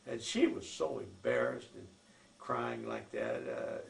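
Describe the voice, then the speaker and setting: Older male narrator, rough gravelly voice, easygoing anecdote-teller, roomy recording. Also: on the low side, huge pitch swings, unhurried. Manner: rambling folksy storytelling with many fillers. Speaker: oral history narrator. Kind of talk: recorded life-story reminiscence. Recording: echoey room with faint noise.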